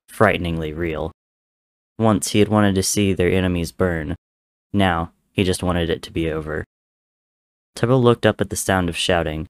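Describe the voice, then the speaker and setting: In a dry recording, a very deep-voiced man narrates a story aloud. He keeps his pacing steady, and his delivery is measured and dramatic.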